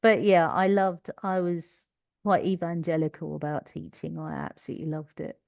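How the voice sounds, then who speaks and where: A woman's voice: sits low, level tone, normal speed, vocal fry, a little mellow, no room sound, clean studio sound. A middle-aged woman with a Cockney accent, a podcast guest telling stories from her working life with frequent laughter. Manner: chatty storytelling with frequent laughter. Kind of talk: conversational interview.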